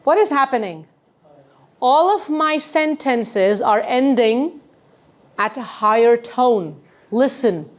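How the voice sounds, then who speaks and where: A woman's voice: fairly high pitch, expressive, slow pace. A woman, a communication trainer lecturing a class, showing rising and falling tones and asking the room questions.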